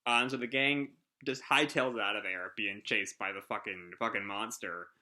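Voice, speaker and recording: A man's voice: lowish voice, steady tone, moderate pace, bright, forceful tone. A man casually reading a manga chapter aloud and commenting, rambling with many ums and uhs, swearing freely and laughing along. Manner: laughs through his commentary. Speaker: manga reaction host.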